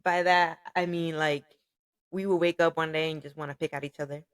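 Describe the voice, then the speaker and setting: A woman with a very low voice, chatting in a relaxed, soft-spoken way on a podcast. The sound is dry and close, with no room echo. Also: fairly quick. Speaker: podcast co-host. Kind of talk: casual chat.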